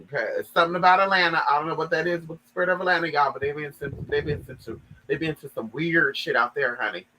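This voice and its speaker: A man's voice: fairly high pitch, steady tone, fast talker, hardly any pauses, sharp tone, slight background noise, rough recording. A man giving sassy, dramatic gossip commentary, reading a story aloud and reacting to it.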